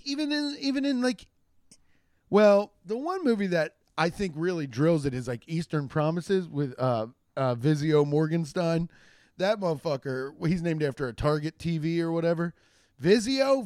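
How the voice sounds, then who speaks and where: A man hosting a solo comedy podcast, talking in a slightly high voice. He rambles in a casual, profane way, breaks off into jokey asides and restarts his sentences. His voice is recorded dry and close on the mic. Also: a little mellow, no echo. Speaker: podcast host and stand-up comedian.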